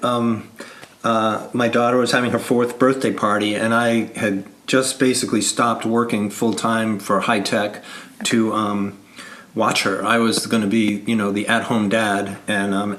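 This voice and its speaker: A man's voice: on the low side, a bit bright. A middle-aged man from New York, chatting casually as a podcast guest over a video call, laughing often and using lots of fillers. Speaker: podcast guest, children's musician.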